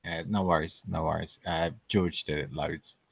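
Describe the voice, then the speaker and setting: A very low-voiced man hosting a relaxed livestream Q&A over a video call. He talks loosely, swears freely and laughs a lot, tacking "mate" onto his sentences. The sound is dry, with no room around it. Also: moderate pace, vocal fry, husky, dry recording. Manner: laid-back, sweary, laughs a lot, calls people mate. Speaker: host. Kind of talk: casual livestream Q&A.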